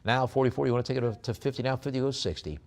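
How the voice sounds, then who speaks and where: A man working as a live auctioneer, reading out lot descriptions and then rattling off fast bid calls. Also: mid-range voice, gravelly, darkish tone.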